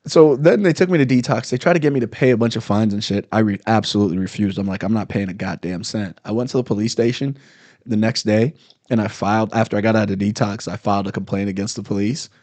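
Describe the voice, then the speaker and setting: Here a man, a comedian guest, relates an anecdote in easygoing chat, playing the irate cops loudly and with gusto. His voice is fairly low and quick, and there's no echo.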